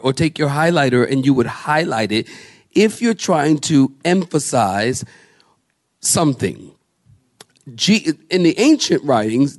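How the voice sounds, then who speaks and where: A man's voice: on the high side, a little mellow. A man preaching a live church sermon, emphatic, lifting his voice on repeated words and asking the listeners questions. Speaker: pastor.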